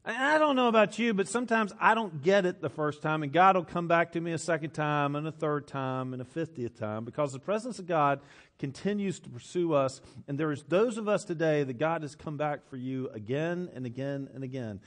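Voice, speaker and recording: A man's voice: on the high side, a little fast, fairly bright tone. Emphatic male pastor preaching. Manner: emphatic, repeats phrases for effect, laughs often. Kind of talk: sermon.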